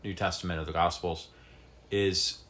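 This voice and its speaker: A man's voice: sits low, fairly even intonation, moderate pace, fairly bright tone. A man co-hosting a podcast, speaking in a thoughtful, reflective way in a casual chat. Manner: thoughtful, reflective, many fillers. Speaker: podcast co-host.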